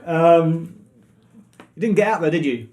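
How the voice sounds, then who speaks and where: On a casual quiz night live stream, a male co-host with a slightly high, darkish voice talks at an unhurried pace. He's chatty and self-mocking, rambling his way through facts.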